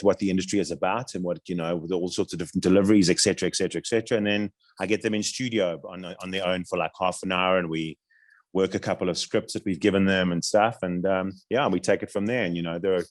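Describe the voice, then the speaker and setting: A man with a South African accent, a voice-over artist and coach chatting in an interview, rambling with lots of restarts and fillers. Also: sits low. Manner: rambling, chatty, many restarts and "you know what I mean". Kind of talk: casual interview chat.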